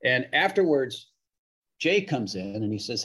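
Husky-voiced middle-aged broadcaster, chatty storyteller, mid pitch. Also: male voice, big pitch swings, unhurried, a bit bright. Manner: chatty anecdotal storyteller, acts out quoted voices. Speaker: hockey broadcaster. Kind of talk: storytelling podcast interview.

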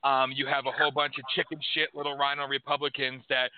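A man's voice: medium pitch, level tone, fast, hardly any pauses, a little hiss or hum. A man hosting a call-in political radio show on a headset, ranting in a brash, profane, sarcastic way. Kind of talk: casual political radio chat. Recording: tinny phone-like audio.

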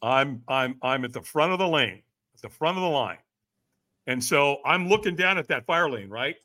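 A middle-aged man, a personal development coach, telling an animated story as a podcast guest, acting out what others said and often checking in with "right?". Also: mid-range voice, moderate pace. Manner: lively, acts out quoted voices, frequent "right?".

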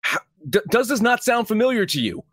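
A man co-hosting casual sports talk, his pitch swinging widely as he argues. He swears freely and circles back to restart his thoughts. The sound is dry and close. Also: fairly quick, no echo. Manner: animated, profane, rambling with restarts. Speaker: sports podcast co-host.

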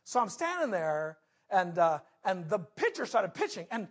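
A man preaching a sermon, telling a personal story with big swings between loud outbursts and hushed moments. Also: high-pitched, big pitch swings, normal speed. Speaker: pastor.

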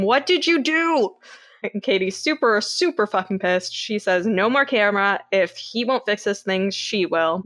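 A woman from Canada, co-hosting a podcast and recapping a film in lively casual chat, swearing freely. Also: medium pitch, no room sound. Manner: animated storyteller, laughs often, swears freely. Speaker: podcast co-host.

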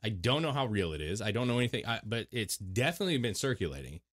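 Man, lowish voice, animated, podcast co-host, rambling, swears a lot. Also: fast talker. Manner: rambling, swearing, lots of filler words. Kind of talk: casual chat.

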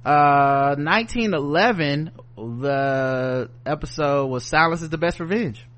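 Male podcast host, somewhat high voice, casual and profane, reacts to listener mail. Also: unhurried. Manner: loose, profane, chuckling, thinks out loud. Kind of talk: casual chat, reading listener comments.

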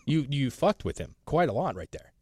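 A man's voice: mid-range voice, very animated, darkish tone, husky. A man co-hosting a casual podcast chat who jokes, laughs easily and swears freely. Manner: quick, joking, laughs often, swears. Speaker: podcast co-host.

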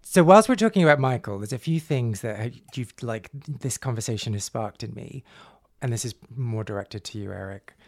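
A man's voice: mid-range voice, lively intonation, moderate pace, vocal fry, darkish tone, no room sound. A man co-hosting a podcast, asking questions and casually agreeing. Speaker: podcast co-host. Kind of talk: casual chat.

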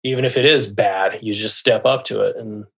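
Podcast guest: man, lowish voice, earnest, halting storyteller. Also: fairly even intonation, gravelly. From United States. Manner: halting and earnest, often restarting phrases. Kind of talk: personal storytelling in an interview.

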